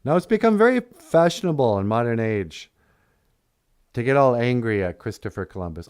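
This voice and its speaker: A man's voice: medium pitch, very animated, normal speed, a little mellow, clean tone. A man telling a comedic story on a puppet podcast, full of rambling, jokey asides.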